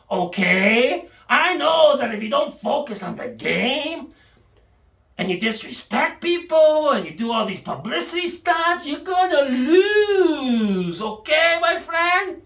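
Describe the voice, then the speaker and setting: A woman's voice: high voice, fairly bright tone. A woman delivering a mock-indignant comic rant in an exaggerated, theatrical way. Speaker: comedic commentator. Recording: echoey room, mic at a distance.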